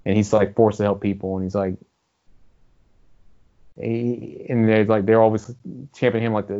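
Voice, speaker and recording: Brief: fast, rambling male co-host, low voice, muffled recording. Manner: rambling, animated, swears freely. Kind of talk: casual gaming chat. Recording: dull lo-fi audio.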